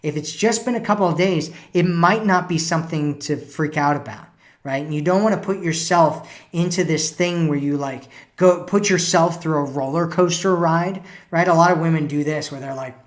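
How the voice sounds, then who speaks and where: A man's voice: fairly high pitch, normal speed. Man, dating coach, live stream host, casual conversational advice, filler-heavy. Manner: conversational, peppered with "right?" and "you know".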